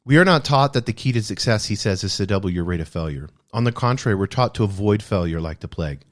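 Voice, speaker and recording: A man's voice: on the low side, animated, quick pace. A man hosting a podcast, discussing a self-help book in an earnest, reflective way and repeating key phrases for emphasis. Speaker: podcast host.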